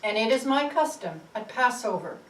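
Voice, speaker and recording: A woman voicing a troubled governor who makes slow, measured pronouncements, in a roomy space recorded from a distance. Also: on the high side, expressive, lightly acted. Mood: grave. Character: troubled Roman governor, stern man. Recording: roomy, distant mic, faint ambience.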